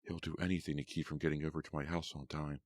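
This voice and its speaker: Man reading a chatty teenage girl, very deep. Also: flat delivery, fast, no echo. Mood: breezy.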